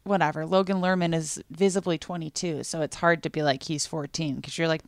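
Chatty woman with a lowish, dry voice. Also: fairly even intonation, fairly quick, dry recording. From Massachusetts, US. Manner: chatty, acts out quoted lines, laughs often. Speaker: podcast guest. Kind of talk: casual podcast chat.

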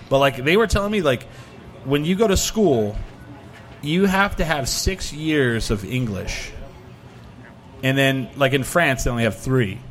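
A man's voice: mid-range voice, a bit bright. A middle-aged American man in casual chat, telling rambling travel stories and acting out quotes. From United States. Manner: rambling storyteller, many "like" fillers, acts out quotes.

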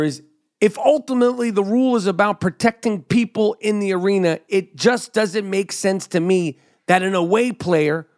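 A middle-aged man hosting a podcast, giving an animated, emphatic sports commentary monologue into a studio mic. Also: sits high. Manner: animated, emphatic, drops to mock whisper. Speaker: podcast host.

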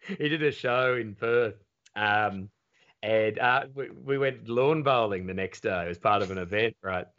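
A man with an Australian accent, a comedian guest telling lively, sweary anecdotes in casual podcast chat. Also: on the low side, measured pace, muffled recording. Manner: lively anecdotes, swears freely, slips into voices.

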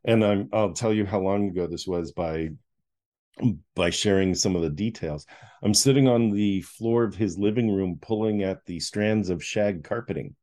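A man's voice: fairly low pitch, normal speed. A middle-aged man telling a personal story as a podcast guest, acting out the voices. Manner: animated storyteller who acts out voices. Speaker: guest, author.

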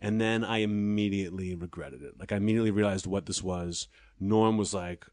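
A man with a lowish voice, speaking quickly and with a dry, sardonic edge. He is a comedian trading stories in a relaxed conversation and sometimes jumps into quick impressions of the people in them. The sound is close and dry, with no room around it. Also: no room sound. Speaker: stand-up comedian guest. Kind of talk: casual chat.

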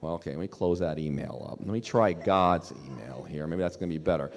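A man's voice: a bass voice, brisk. A man preaching a sermon as pastor, speaking emphatically, repeating key phrases and putting questions to the congregation. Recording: long hall reverb.

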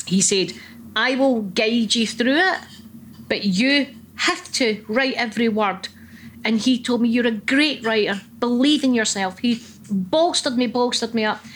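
A middle-aged woman with a Scottish accent, a comedian telling lively, profane anecdotes in casual conversation. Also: on the high side, a little hiss or hum. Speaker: comedian guest. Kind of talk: casual chat.

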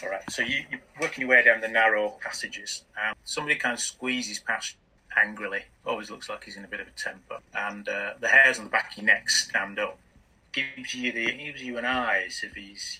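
A man narrating as game master of a tabletop game, halting, with many restarts. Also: fairly low pitch, steady tone, sharp tone, far from the mic, slight background noise, poor audio.

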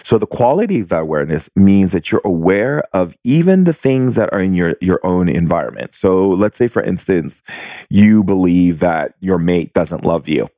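Very deep-voiced man speaking slowly. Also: sing-song, mellow, dry recording. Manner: slow, deliberate, drawn-out phrasing in long run-on sentences. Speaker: spiritual teacher. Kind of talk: reflective spiritual monologue.

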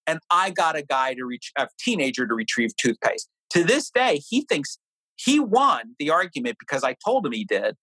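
A man's voice: normal speed, breathy edge, dry recording, rough recording. A middle-aged man, an author being interviewed, explaining ideas and telling a family anecdote in a conversational way. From New Hampshire. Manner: animated storyteller, lively pitch. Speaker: author and guest.

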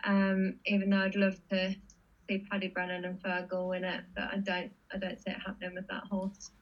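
A woman's voice: mid-range voice, monotone, a little fast. A woman chatting about her horse racing picks, giggling often between points. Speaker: racing tipster panelist. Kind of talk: casual racing tips discussion. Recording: dull lo-fi audio.

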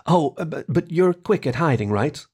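A man voicing a mischievous, eager young girl in a storybook reading, in a raised, excited voice. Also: a little high, moderate pace, slightly rough, pitched above the performer's own voice. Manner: excited and hopeful.

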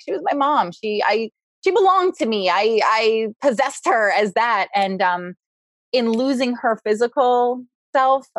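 A woman in her forties talking candidly as a podcast guest, loud and animated, laughing often. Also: a little high, no echo. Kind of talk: candid conversational interview.

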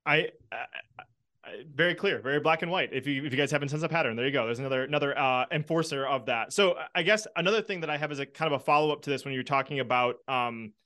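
A man's voice: medium pitch, fast talker, sharp tone. A man hosting an interview, asking follow-up questions in a searching way with many restarts. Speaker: podcast host.

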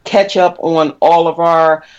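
A chatty woman on a podcast, with a low, deep voice. She talks at length, laughs easily and takes her time when she spells things out. Her talk is relaxed and casual. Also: slow, clear, resonant tone, highs cut off. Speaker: podcast guest, co-host of her own podcast.

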